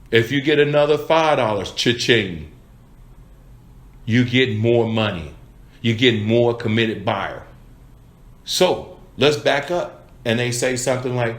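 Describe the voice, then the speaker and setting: A man coaching salespeople in an emphatic, repetitive style with punchy catchphrases. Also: medium pitch. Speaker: sales trainer. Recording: echoey room.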